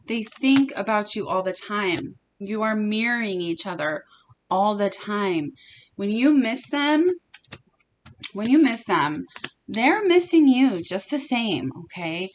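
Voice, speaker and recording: A woman's voice: mid-range voice, slight background noise. A young woman giving a casual tarot reading to her viewers, talking earnestly and emphatically and repeating her phrases. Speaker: tarot reader.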